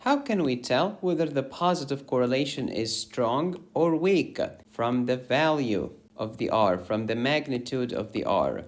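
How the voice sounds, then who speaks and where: A man's voice: mid-range voice, animated, unhurried, few pauses. A man teaching a statistics lesson, explaining while drawing graphs, with playful asides. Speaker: medical educator. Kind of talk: lecture over drawn slides.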